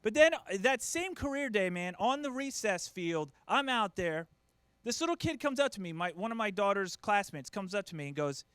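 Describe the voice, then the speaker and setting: Comedian, male, 30s: high-pitched, self-deprecating stand-up, dry close mic. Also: big pitch swings, a little fast, a bit bright, clear, resonant tone, no room sound. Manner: self-deprecating, acts out quoted voices.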